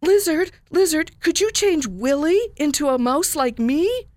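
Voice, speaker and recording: A woman's voice: sing-song, unhurried, darkish tone, no room sound. Squealing little mouse Alexander, voiced by a woman. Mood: urgent pleading. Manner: high, squealing and breathless. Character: small excitable young male mouse. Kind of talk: storybook read-aloud.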